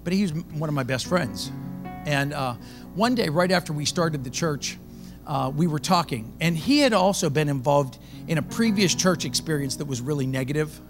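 Guy pastor telling a story in his sermon, kinda high voice, loud and chatty, guitar playing behind. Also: expressive, normal speed.

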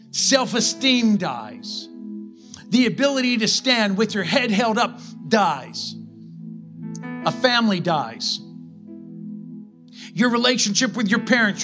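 A man preaching a sermon as pastor, impassioned, with slow dramatic pauses. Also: sits high.

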